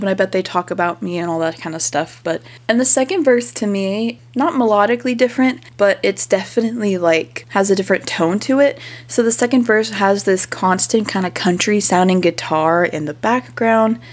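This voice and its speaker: Young woman, podcast host, casual music analysis, filler-heavy conversational delivery. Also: medium pitch. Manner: chatty, frequent "like" and "kinda" fillers.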